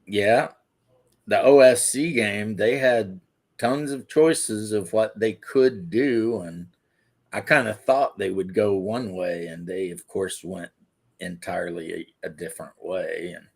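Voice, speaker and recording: Male co-host, slow and gravelly, husky tone, rambling casual gaming chat on a video call. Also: lowish voice, a little mellow. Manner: rambling, many fillers and restarts.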